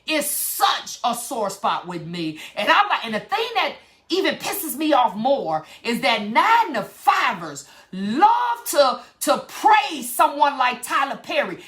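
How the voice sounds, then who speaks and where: A woman's voice: high-pitched, fairly bright tone. Fired-up woman preaching to her viewers. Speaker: vlogger. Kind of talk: impassioned motivational talk to camera.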